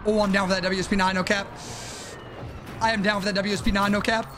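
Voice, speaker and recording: High-voiced trash-talking young streamer guy. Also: little pitch movement, fast talker, background noise. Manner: trash-talking, joking, swearing. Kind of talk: live gameplay commentary.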